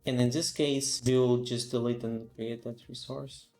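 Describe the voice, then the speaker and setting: A man's voice: medium pitch, flat delivery, a little slow, a little mellow, reverberant, soft background music. A sleepy man live-streaming, thinking aloud with lots of fillers as he reads documentation and reacts. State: sleepy, yawning. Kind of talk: casual live-coding stream.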